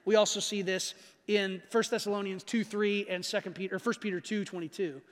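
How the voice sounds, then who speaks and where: A man preaching a sermon with a strikingly high voice, his words trailing into the long reverb of a big church hall. He talks in a conversational way, slows down hard on the phrases he wants to land, and keeps asking his listeners if they follow. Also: steady tone. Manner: emphatic, slows down to stress key phrases; conversational, asks the audience questions. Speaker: pastor.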